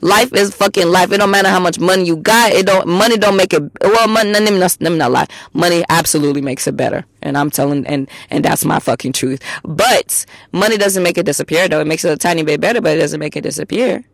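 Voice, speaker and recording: A woman hosting a solo podcast, talking bluntly and emphatically with lots of swearing, swinging between loud outbursts and low asides. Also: fast talker, vocal fry, few pauses, no room sound. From immigrant to the US. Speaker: podcast host.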